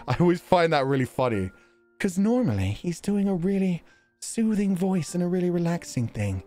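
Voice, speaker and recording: Faint music plays behind a man who is livestreaming, reading viewer donations and rambling animatedly between frequent laughs. His voice is mid-range and his pace brisk.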